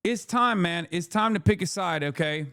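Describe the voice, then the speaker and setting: A man's voice: high-pitched, normal speed, gravelly, fairly bright tone, clear, resonant tone. A man in his thirties giving heated, profane political commentary on a live stream, firing off angry rhetorical questions.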